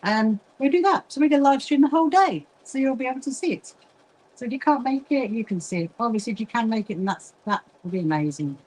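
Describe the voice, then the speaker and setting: A woman's voice: on the high side, expressive, fast, darkish tone, rough recording. A middle-aged woman hosting a casual sewing livestream, chatting, greeting viewers by name and getting easily distracted. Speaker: livestream host, quilting association founder.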